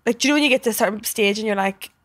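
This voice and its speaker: A woman's voice: medium pitch, racing, husky, no room sound. A woman guest on a podcast, chatting casually and candidly, swearing freely. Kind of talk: casual chat.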